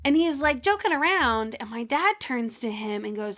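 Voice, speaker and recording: Young woman podcast co-host, high voice, chatty animated storyteller. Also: moderate pace. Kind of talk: casual chat, storytelling.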